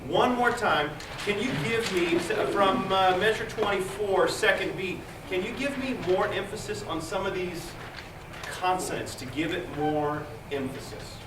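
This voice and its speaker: A man's voice: high voice, measured pace, distant mic, noisy background. A man directing a choir rehearsal, counting in beats and coaching with jokey asides. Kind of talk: rehearsal instruction. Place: large rehearsal room. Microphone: distant room mic. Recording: echoey room recorded from afar with choir. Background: choir singing.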